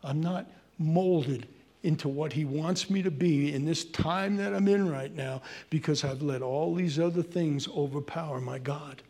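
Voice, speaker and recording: A man preaching a sermon, swinging from loud emphasis to hushed pleading as he addresses his congregation. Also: on the high side, a little slow. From Irish heritage. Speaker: pastor.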